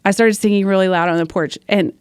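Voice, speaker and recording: A woman's voice: medium pitch, fairly even intonation, fast, a little mellow, clear, resonant tone, dry recording, clean studio sound. A woman worship leader telling stories earnestly in a casual podcast conversation, laughing often.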